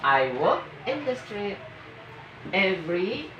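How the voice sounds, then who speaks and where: A woman teaching an English grammar lesson, slowly and emphatically reading out example sentences for the class to repeat. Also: mid-range voice, sing-song, fairly bright tone, a little hiss or hum. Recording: echoey, muffled room from a distance.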